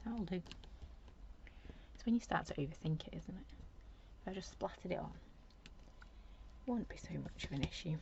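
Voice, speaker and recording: A woman's voice: lowish voice, expressive, normal speed, pauses often, lo-fi sound, background noise. A woman giving a chatty live craft demo at her desk at home, rambling and talking to herself as she works. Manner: rambling, talks to herself while working. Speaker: craft demonstrator.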